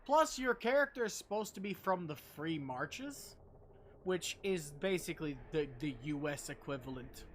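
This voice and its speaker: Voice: medium pitch, lively intonation, normal speed, slight background noise. A game streamer giving casual, joking commentary with plenty of swearing and self-deprecating asides.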